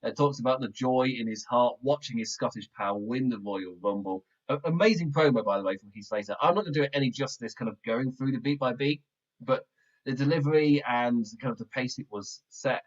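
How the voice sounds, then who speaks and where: A male podcast host giving a casual, rambling review of a wrestling show, excitable and quick to laugh. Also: mid-range voice. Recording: muffled lo-fi backup mic audio.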